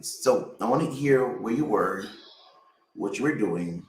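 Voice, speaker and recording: A man hosts an interview, and his pitch swings widely as he asks his questions. He speaks slowly and with emphasis, and the room around him sounds echoey. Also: expressive. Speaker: host. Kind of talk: conversational interview.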